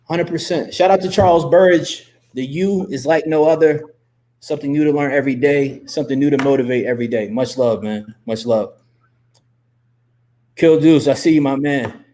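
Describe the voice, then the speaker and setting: A man hosting a live interview as a coach, talking emphatically and repeating himself as he gives shout-outs and pep talk. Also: on the high side, normal speed. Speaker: host and coach. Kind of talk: motivational livestream talk.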